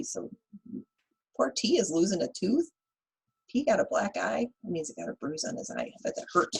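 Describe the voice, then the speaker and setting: A woman teacher reading a picture book aloud to young children, animated and asking them questions. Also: mid-range voice, moderate pace, gravelly, slightly rough, rough recording. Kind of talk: children's read-aloud lesson.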